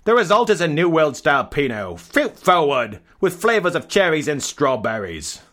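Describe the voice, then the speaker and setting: A man's voice: a little high, big pitch swings, moderate pace, a bit bright, voice pushed up. A man putting on a hammy Australian label-reader. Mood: mocking. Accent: put-on Australian. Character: mock Australian man reading a wine label.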